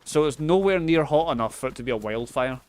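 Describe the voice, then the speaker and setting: A man's voice: on the high side, expressive, quick pace, a little mellow. A Scottish man live streaming a game, chatting casually and swearing freely as he thanks viewers. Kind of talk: casual gameplay chat.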